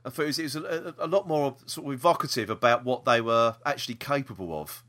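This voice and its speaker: A man's voice: medium pitch, fast talker, sharp tone. A man co-hosting a podcast, talking casually with fillers and laughs. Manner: chatty, lots of fillers and laughs. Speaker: podcast co-host. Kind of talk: casual chat.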